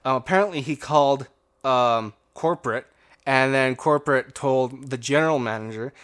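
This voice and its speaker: A young man co-hosts a casual podcast, telling a long story about an old job and playing out everyone's lines. His voice is bright and forceful, and he sits at an ordinary middle pitch. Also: normal speed, smooth. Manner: rambling anecdote with acted-out quotes and laughter. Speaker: podcast co-host.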